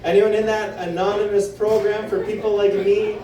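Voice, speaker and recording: High-pitched and at a moderate pace, this young comedian from Canada performs stand-up in a club. Heard from a distance in a roomy space, he tells stories and plays the characters in them.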